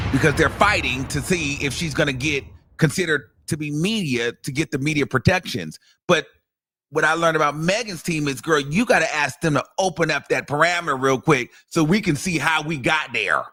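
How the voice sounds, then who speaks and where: A man hosting a casual commentary stream, talking in a chatty, animated and profane way, with lots of fillers. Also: fairly high pitch, moderate pace. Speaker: host.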